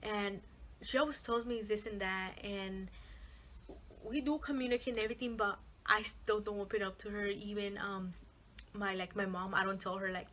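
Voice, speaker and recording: A woman's voice: mid-range voice, fairly even intonation, moderate pace, fairly bright tone, slight background noise. Rambling young woman vlogger. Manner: rambling, many fillers and swearing. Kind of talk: casual chat to camera.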